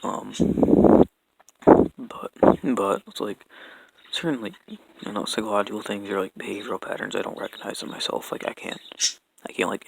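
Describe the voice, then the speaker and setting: A young man speaks in a rambling personal apology, with a rough, gravelly fry all through his lowish voice. He stumbles, restarts his sentences and leans on fillers constantly. A faint hiss of noise sits under the recording. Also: rough recording. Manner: halting, filler-heavy, keeps restarting sentences. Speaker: vlogger.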